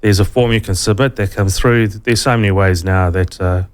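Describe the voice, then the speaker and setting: A man with a South African accent, a financial adviser explaining investing in a relaxed way, with many ums, in a radio interview. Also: on the low side, normal speed.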